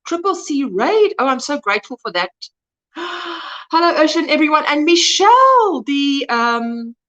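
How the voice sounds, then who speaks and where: High, lively woman. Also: measured pace, dull audio. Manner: warmly greets viewers by name, reading the chat aloud. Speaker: crochet livestream host. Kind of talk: casual livestream chat.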